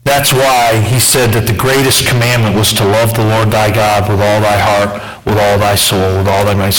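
A male pastor preaching a sermon in church, asking the congregation questions and swinging between raised and softer passages. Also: medium pitch, a little hiss or hum, low-quality recording. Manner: preacher who asks the church questions and swings from loud to soft.

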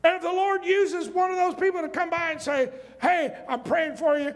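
A man's voice: extremely high pitch, fairly even intonation, normal speed, hardly any pauses. A male pastor preaching a sermon, reading scripture and turning to the congregation with questions and asides. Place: church sanctuary. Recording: long hall reverb.

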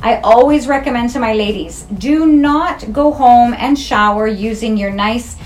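A woman's voice: a little high, unhurried, darkish tone. A middle-aged woman esthetician, talking frankly and jokingly in a casual interview. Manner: frank, jokey and chatty.

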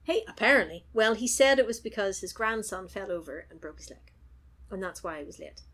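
A woman co-hosting a podcast, recapping and telling stories in an animated way, acting out the quotes in different voices. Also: mid-range voice, fairly quick. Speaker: podcast co-host. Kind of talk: casual recap chat.

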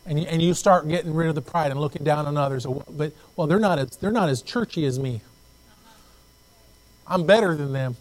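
A man preaching a sermon as pastor, telling stories with lively acted-out voices and repeating phrases as he goes. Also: fairly high pitch, fairly quick, poor audio. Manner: animated storytelling, acts out quoted voices. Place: church.

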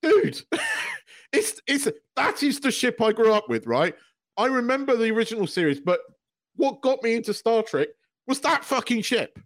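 A man's voice: very high-pitched, wildly swooping pitch, moderate pace, a bit bright. A man co-hosting a podcast, gushing and swearing as an emotional fan in casual chat. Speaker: podcast co-host.

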